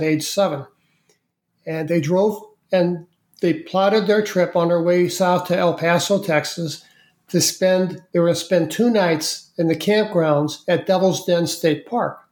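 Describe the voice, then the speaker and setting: Halting storyteller in an echoey room. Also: medium pitch, a little mellow. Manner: halting, with many fillers and repeated words. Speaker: interview guest. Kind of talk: casual spoken storytelling.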